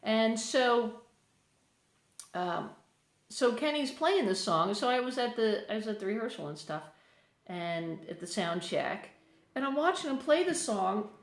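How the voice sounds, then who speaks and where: A woman's voice: a little high, very animated, measured pace. An American woman with an accent drifting toward English, a musician chatting casually and rambling to viewers on a phone livestream from a room in a house. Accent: American, partly English. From United States. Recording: echoey room.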